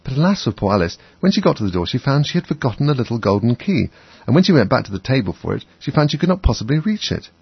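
A man's voice: medium pitch, very animated, fast, vocal fry, slightly rough, no echo. A man narrating a children's storybook expressively as an audiobook, on a dull, dry recording.

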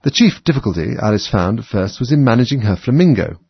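A man narrating a storybook aloud in an animated, dramatic way. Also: mid-range voice, fast, creaky, breathy edge, no echo. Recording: dull lo-fi recording.

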